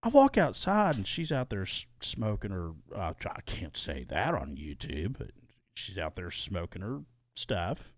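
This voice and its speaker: Animated rambling male podcast co-host. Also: deep voice, measured pace, no room sound. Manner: rambling, animated, repeats and restarts words. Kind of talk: casual podcast chat. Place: small soundproofed home studio.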